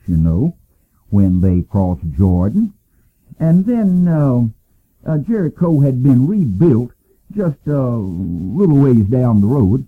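Older man, Bible teacher, folksy conversational talk, husky voice, tinny phone-like radio sound. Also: medium pitch. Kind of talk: informal Bible lesson.

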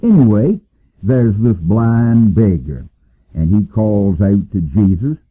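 An older man giving an informal, folksy Bible lesson, talking plainly with many pauses and "uh"s. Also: fairly low pitch, lively intonation, husky, narrow, tinny audio. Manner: folksy and conversational, frequent "uh"s. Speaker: Bible teacher.

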